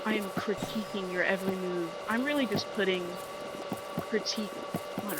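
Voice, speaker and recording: A woman's voice: mid-range voice, moderate pace, heavy background noise. A young woman chatting casually while she plays a video game, ranting in an exasperated way and often cutting herself off. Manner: ranting, exasperated, self-interrupting. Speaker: gaming vlogger. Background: music under the talk.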